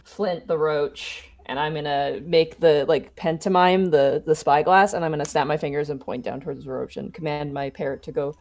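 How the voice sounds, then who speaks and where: A woman taking part in a tabletop role-playing session with a notably low voice. She talks eagerly and chattily while declaring her actions. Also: fairly even intonation, normal speed, hardly any pauses, a little mellow. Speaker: player.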